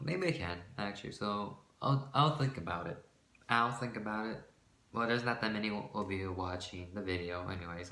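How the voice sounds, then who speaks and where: Bright-voiced man rambling to camera. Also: lowish voice, roomy sound. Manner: rambling and self-deprecating, with frequent restarts; nervous laughter between phrases. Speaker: vlogger. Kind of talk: casual talking-to-camera vlog.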